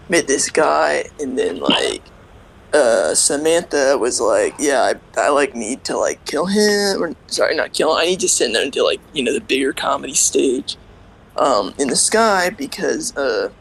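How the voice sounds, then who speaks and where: A man's voice: medium pitch, very animated, a little slow, creaky, a little hiss or hum, low-quality recording. A man doing a rambling airhead dude. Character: airheaded laid-back young male dude.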